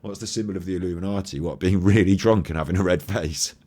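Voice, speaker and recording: Laughing, chatty low-voiced man. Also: fast talker, mellow. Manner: chatty, laughs often, swears. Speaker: streamer reacting to a clip. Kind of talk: casual commentary.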